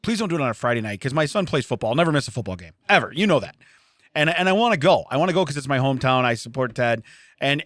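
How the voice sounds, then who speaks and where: In clean studio sound with no echo, a man with a medium-pitched voice co-hosts a comedy podcast. He tells animated stories during the relaxed chat and frequently breaks into laughter.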